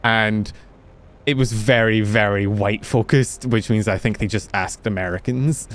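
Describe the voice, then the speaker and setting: Rambling, jokey young man, low voice. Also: fairly even intonation, unhurried. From United Kingdom. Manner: rambling, self-mocking, jokey. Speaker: streamer. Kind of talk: casual chat while gaming.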